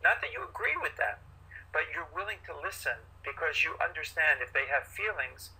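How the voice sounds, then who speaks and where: A man, a paediatrician guest in an interview, explaining parenting advice in an animated way and acting out parents and children as he goes. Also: on the high side, moderate pace, breathy edge, poor audio.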